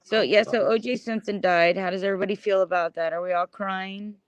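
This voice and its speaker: A woman's voice: mid-range voice, steady tone, brisk, smooth, no room sound, muffled recording. A woman hosting a livestream, chatting casually and greeting viewers by name. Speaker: livestream host. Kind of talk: casual group voice chat.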